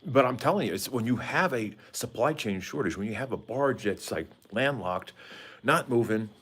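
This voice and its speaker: A man's voice: medium pitch, expressive, normal speed, a bit bright, slightly rough. A man rambling casually and joking with viewers during a live stream, talking into his phone on a side porch outdoors. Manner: rambling, jokey, talks to viewers. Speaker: vlogger. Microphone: phone held by hand.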